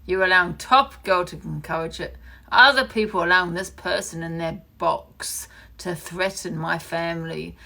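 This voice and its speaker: A woman's voice: fairly low pitch, normal speed, vocal fry, sharp tone. A woman ranting angrily on a live stream, swearing and repeating accusations. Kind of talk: heated live-stream rant.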